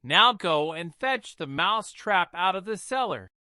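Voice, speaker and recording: A brisk old fairy godmother, as a man puts her on in a storybook reading. She speaks in a raised, lively voice that leaps up and down, quick to give orders. The sound is dry and close. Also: sits high, dry recording, pitched above the performer's own voice, heavily acted. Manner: brisk, commanding.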